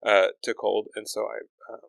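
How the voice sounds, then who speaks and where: Gravelly, low-key man. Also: little pitch movement, normal speed, a bit bright, dry recording. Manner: low-key, self-deprecating. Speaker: guest comedian. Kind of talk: casual podcast chat.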